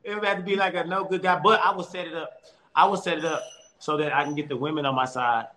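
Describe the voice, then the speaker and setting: A man, a comedian, telling stories in a casual interview from home over a call, animated and laughing often, with quick restarts. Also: fairly high pitch, very noisy. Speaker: comedian guest.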